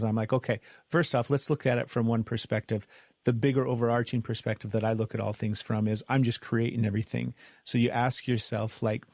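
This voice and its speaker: Gravelly-voiced man hosting, dry sound. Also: medium pitch, a little mellow, dry recording. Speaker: podcast host. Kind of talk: casual spiritual conversation.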